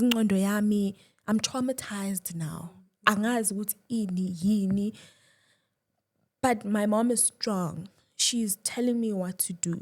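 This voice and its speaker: A young woman, a guest, telling a personal story with emotion, dropping to a hush at times and restarting her words. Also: medium pitch. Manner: shifts between loud and hushed, restarts.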